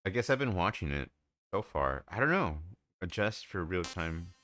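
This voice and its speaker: A man's voice: low voice, sing-song, moderate pace, fairly bright tone, no echo. A man casually commenting on a game during a live stream, with offhand joking asides. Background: game music.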